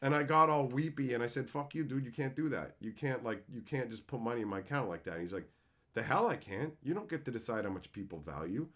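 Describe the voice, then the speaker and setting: A male streamer talking casually to his chat, his voice leaping high and loud when he reads messages, then dropping low and quiet for stories. He swears freely and keeps an easy, rambling tone. His pitch is lively and very animated throughout. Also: fast talker. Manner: animated, swings between loud excited reading of chat and low reflective storytelling.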